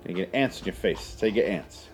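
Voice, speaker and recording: A man's voice: low-pitched, fairly quick, faint music behind. Sarcastic, swearing movie commentator man. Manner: sarcastic, profane, rambling.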